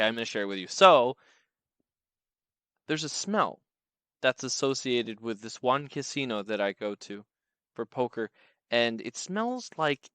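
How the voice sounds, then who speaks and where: A man tells a comedy story to the camera in an animated, sarcastic way, swinging between low asides and raised punchlines. His voice sits a bit high for a man. The sound is dry and close, with no room echo. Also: clean tone.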